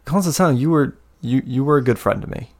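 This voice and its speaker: A man voicing an earnest, hurt young man who speaks gently and pleads. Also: mid-range voice, a little fast, pitched above the performer's own voice, lightly acted.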